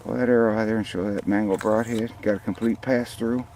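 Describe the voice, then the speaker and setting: A man's voice: on the low side, steady tone, brisk, darkish tone, a little hiss or hum, low-quality recording. An older man, hosting a hunting show outdoors by a field and rambling folksily about the hunt and his sponsors. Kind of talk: casual outdoor commentary.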